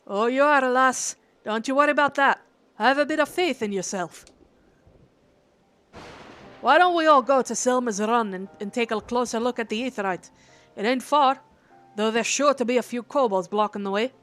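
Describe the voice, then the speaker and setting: A brash, cheery male adventurer booms out in a put-on Scottish accent, as a woman reads him aloud. The voice is pitched high and slangy. Faint game music plays behind. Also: moderate pace, natural voice. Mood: hearty. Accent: attempted Scottish. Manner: loud, folksy, slangy banter.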